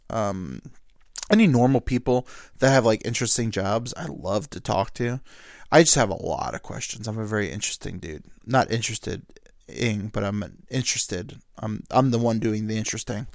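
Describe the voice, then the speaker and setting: A man's voice: on the low side, no echo, clean studio sound. A young man hosting a solo podcast, telling a story in a rambling, profane and self-mocking way, with lots of ums and quoted dialogue. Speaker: podcast host.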